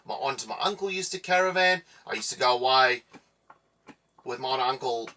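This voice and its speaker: A man's voice: medium pitch, expressive, brisk, pushed and bright, distant mic. A man in his thirties from South Africa with a South African accent, co-hosting a casual chat in a jokey, rambling way. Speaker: co-host.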